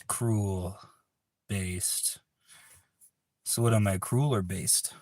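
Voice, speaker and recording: Man, casual livestream chat, somewhat low voice, dry close sound, rambling, swears a lot. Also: fairly even intonation, extremely slow, darkish tone, dry recording. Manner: laid-back, profane, rambling. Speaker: livestream host.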